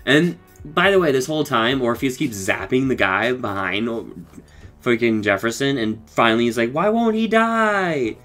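A man's voice: medium pitch, moderate pace, fairly bright tone, faint music behind. A rambling, casual young man recapping an episode. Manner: rambling, swears, laughs often, acts out quotes. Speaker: show reviewer.

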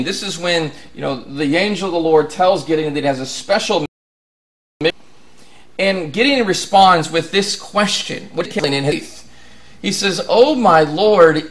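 A man's voice: high voice, gravelly, fairly bright tone. A man preaching a sermon in an earnest way, building to emphatic questions.

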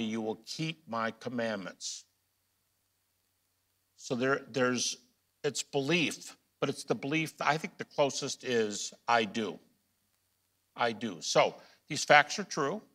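A man giving a recorded lecture, emphatic and full of rhetorical questions, repeating key phrases and swinging from quiet asides to loud stresses. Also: medium pitch, slow pace.

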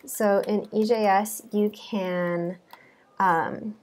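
A woman's voice: medium pitch, steady tone, drawn-out words. A woman, a coding bootcamp student, chatting casually and giggling as she walks through her project. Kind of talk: casual screen-share walkthrough.

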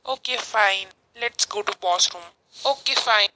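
A channel creator reads the office workers' lines in her homemade cartoon simply and plainly, keeping replies short. Her medium-pitched voice is a little slow, pushed, and bright, on a rough recording with slight background noise.

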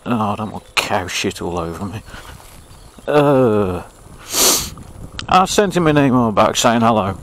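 A man's voice: on the low side, animated, a little slow, long pauses, a bit bright, poor audio. English man, vlogger, riding outdoors, chatty and grumbling, faint vehicle hum. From England. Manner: chatty, grumbling, self-mocking. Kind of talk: casual running commentary while riding. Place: outdoors on an old railway path.

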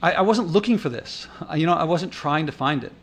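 A man's voice: a little high, expressive, fairly quick. A man talking over his own footage in an indignant, rambling way, thinking aloud with restarts and getting worked up. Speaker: vlogger. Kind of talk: casual narrated commentary over park footage.

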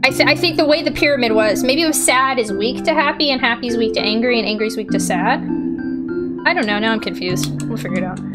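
Excitable woman gaming commentary. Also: a little high, fast talker. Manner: excitable, often yelling out; thinks aloud, unsure and chatty. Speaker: let's play host. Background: game music.

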